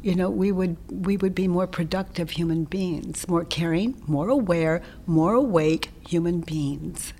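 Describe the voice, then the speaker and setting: Lady talking slow and gentle, kinda husky, slips into whispers a lot. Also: lowish voice. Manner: gentle, often dropping into a soft whisper. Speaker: interview guest, self-inquiry teacher. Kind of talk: reflective conversational explanation.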